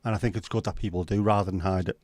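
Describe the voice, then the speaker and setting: A man with a Liverpool accent hosts a relaxed livestream chat, reading out comments and answering them with blunt, sweary banter. His voice sits on the low side, and the sound is close and dry with no room around it. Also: racing, dry recording. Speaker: livestream host.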